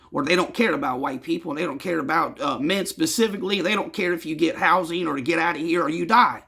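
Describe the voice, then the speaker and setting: A man telling his own story in a casual, rambling and blunt way, cursing freely and addressing his listeners as gentlemen. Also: fairly high pitch, fairly quick, gravelly, husky.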